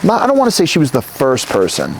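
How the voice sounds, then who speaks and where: A man in his thirties from New Jersey, a company founder talking as an interview guest, who rambles and swears as he tells animated stories. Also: medium pitch, fast, gravelly, slight background noise. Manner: rambling, profane, animated storytelling. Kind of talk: casual interview conversation.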